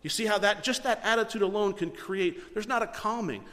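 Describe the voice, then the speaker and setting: A middle-aged man preaches to his congregation, earnest and emphatic, pushing some phrases hard and letting others fall quiet. His voice sits a little high for a man. The sound carries a long reverb from the church hall around him. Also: brisk. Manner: earnest, emphatic preaching with rising and falling volume. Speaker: pastor. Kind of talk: sermon.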